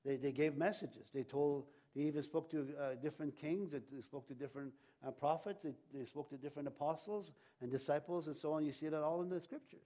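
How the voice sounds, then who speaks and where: A male pastor delivering a sermon in a rambling, halting style, often restarting his sentences. His voice sits a little on the high side. He chuckles now and then between points. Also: fairly even intonation, warm tone.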